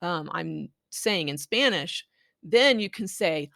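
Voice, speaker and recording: A woman calmly walks parents through how to read a picture book with their child, speaking at an unhurried, deliberate pace. Her voice sits in a middle register and sounds close and dry, with no room around it. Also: lowish voice, creaky, no echo. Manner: patient, explaining, models read-aloud phrases. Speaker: children's language book presenter. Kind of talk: instructional tips for reading aloud.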